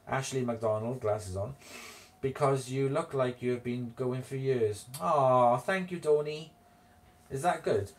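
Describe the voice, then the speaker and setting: Male host, casual live-stream chatter, unhurried delivery, giggles often. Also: mid-range voice. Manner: chatty, giggly, reads viewer comments aloud. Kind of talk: casual live-stream chat reading comments.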